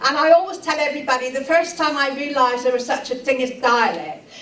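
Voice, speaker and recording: A woman's voice: high-pitched, fairly quick, fairly bright tone. Older Cornish woman telling anecdotes. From Cornwall. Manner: chuckling, relishing dialect phrases. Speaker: dialect speaker and storyteller. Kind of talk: anecdotal storytelling. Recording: roomy echo from a distance.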